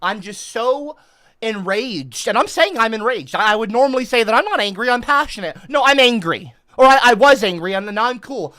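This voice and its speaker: Comedian voice, sharp bright tone, wild pitch swings, dry close sound, flips from heated to fake-calm. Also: a little fast, no room sound. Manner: swings between heated outbursts and forced calm, sarcastic. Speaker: online comedian. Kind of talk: satirical rant reacting to an article.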